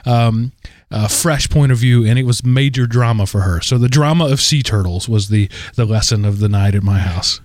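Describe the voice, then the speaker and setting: A man in his forties, co-hosting a podcast, telling a rambling, animated story full of fillers. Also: medium pitch, normal speed, no echo, studio quality. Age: 40s. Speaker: podcast co-host. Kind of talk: casual chat.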